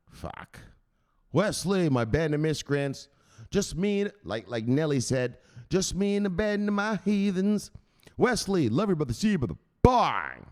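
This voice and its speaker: A man hosts a casual crypto livestream, greeting his chat by name and joking with loose, profane humor. His voice is lively and bounces up and down. He sits at a medium pitch for a man. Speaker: crypto news livestream host.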